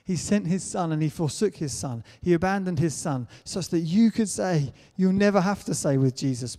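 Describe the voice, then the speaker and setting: A man's voice: fairly high pitch, expressive, normal speed, few pauses, warm tone. A man preaching a sermon in an earnest way, building to emphatic declarations. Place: church hall. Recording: church hall reverb.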